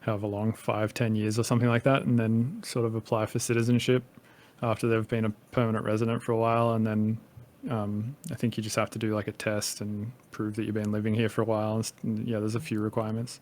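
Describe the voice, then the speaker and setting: A man's voice: lowish voice, level tone, fast talker, darkish tone. A man from Australia with a light Australian accent, chatting as a podcast guest, rambling with lots of fillers and casual swearing. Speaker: podcast guest, music producer. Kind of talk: casual conversation.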